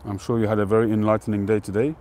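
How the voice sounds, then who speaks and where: A man hosting a live stream outdoors, chatting to viewers in a relaxed, rambling way and greeting them by name. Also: fairly low pitch, rapid-fire. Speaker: pipe-smoking livestream host. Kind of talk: casual live-stream chat.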